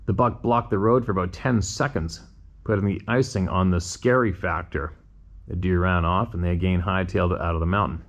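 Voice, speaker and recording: A man's voice: low voice, fairly even intonation, fairly quick. A man hosting a show, reading listener emails aloud and breaking off to muse on them in a conversational way with rhetorical questions.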